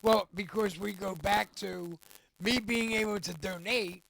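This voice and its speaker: A man's voice: sits high, fairly even intonation, unhurried, vocal fry, a bit bright, no echo. A man chatting as a guest on a podcast who asks a lot of questions, sounding incredulous. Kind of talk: casual chat.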